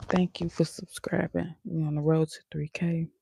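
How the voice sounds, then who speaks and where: A woman's voice: low voice, creaky, warm tone, breathy edge. A woman vlogger in casual live-stream chat, talking in a chatty, sassy way with laughing asides.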